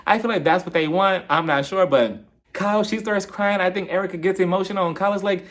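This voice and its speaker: A man's voice: high-pitched, a little fast. A man giving a casual, gossipy reality TV recap as a YouTube reviewer. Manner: animated, gossipy, acts out quotes.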